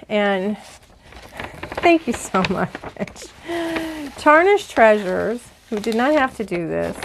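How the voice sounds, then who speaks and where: Middle-aged woman, vlog host, chatty and easily excited, slightly teary, mid-pitched voice. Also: slight background noise. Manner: chatty and excitable, with many fillers. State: teary-eyed. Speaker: vlogger. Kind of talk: casual haul and mail-opening chat.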